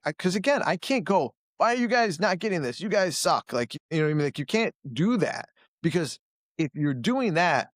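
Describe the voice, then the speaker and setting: A man's voice: on the high side, no echo, studio quality. A man who coaches jiu-jitsu and runs a gym, talking in a casual interview, blunt and self-critical, often acting out other people in a raised voice. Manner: animated, acts out quoted people in a raised voice.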